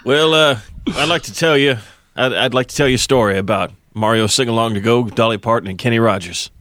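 A man presents a silly game with a straight face, keeping his delivery earnest and deadpan. His voice sits in a middling register and is recorded dry and close, with no room sound. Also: mid-range voice, a little fast, dry recording. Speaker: podcast co-host presenting a game. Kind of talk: mock game presentation, casual comedy chat.

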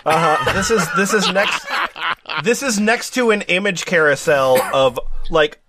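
A man's voice: sits high, expressive, unhurried, heavy background noise. Wry podcast host man. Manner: wry, dry asides. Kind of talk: comedy podcast banter.

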